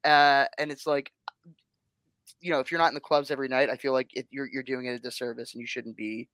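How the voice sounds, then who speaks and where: Animated man telling stories, dry close sound. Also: medium pitch, quick pace, dry recording. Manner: animated storyteller, acts out quotes with big swings. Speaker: guest. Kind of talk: casual chat.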